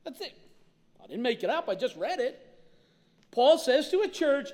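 A man's voice: extremely high pitch, normal speed, pauses often. A man pastor preaching a sermon, telling stories animatedly and acting out quotes in different voices. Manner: animated storytelling with acted-out quotes. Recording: reverberant hall.

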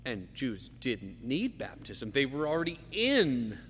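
A man preaching a verse-by-verse sermon, emphatic, slowing down and repeating key phrases for weight. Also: mid-range voice, sing-song, a bit bright. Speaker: pastor. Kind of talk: expository sermon. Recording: long reverb, faint hum.

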